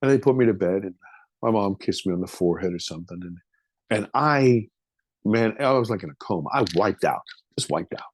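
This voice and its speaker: A man's voice: lowish voice, animated, brisk, slightly rough, no room sound. A man in his fifties, a podcast guest, telling a personal story in a vivid, emotional, casual way with some swearing.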